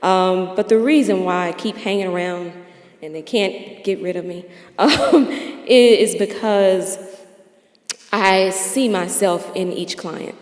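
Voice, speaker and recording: A woman's voice: mid-range voice, slow pace, a little mellow. An American woman, founder of a charity, giving a heartfelt awards speech and laughing between phrases. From United States. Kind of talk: emotional ceremony speech. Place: large hall. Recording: echoey hall with long reverb.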